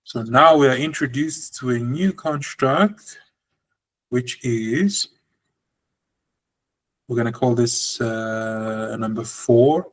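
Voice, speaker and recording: A man's voice: mid-range voice, takes it slowly, long pauses, poor audio. A man teaching a language lesson, explaining patiently and drawing out example words.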